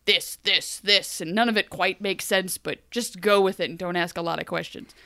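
A young woman co-hosting a casual TV recap chat, animated and quick to act out characters' lines. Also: on the low side, no echo, studio quality. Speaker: podcast co-host.

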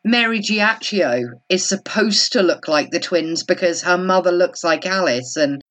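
A woman's voice: lowish voice, a little slow, fairly bright tone. A woman co-hosting a podcast, chatting casually about a book with wry, sarcastic humour. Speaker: podcast co-host. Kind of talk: casual chat recapping a book.

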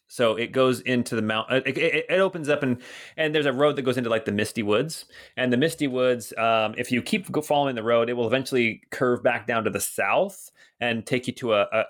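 A man narrating as game master of a tabletop game, slow and deliberate, searching for words as he describes scenes. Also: mid-range voice.

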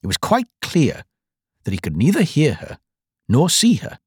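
A volunteer reader narrating a classic children's book with a very expressive, swooping delivery. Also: mid-range voice, moderate pace, breathy edge, no room sound, clean studio sound. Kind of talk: audiobook narration.

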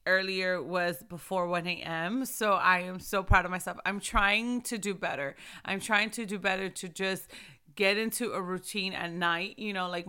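A woman in her thirties hosting a casual, heartfelt Christian talk show, lively and laughing often, speaking into a microphone. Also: medium pitch, smooth. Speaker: host of a Christian ministry video show. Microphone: microphone in front of her.

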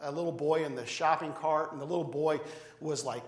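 Male pastor with a high voice, conversational preaching style with lots of restarts, recorded in an echoey sanctuary. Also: steady tone, fairly quick. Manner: conversational preaching, frequent repeated words and restarts. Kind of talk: sermon. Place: church sanctuary.

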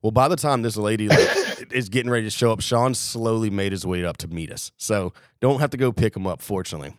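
A man's voice: fairly low pitch, fast talker, dry recording, studio quality. A young man casually telling a wild story on a podcast, swearing freely and acting out what people said. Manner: animated, profane, acts out quotes. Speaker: podcast co-host.

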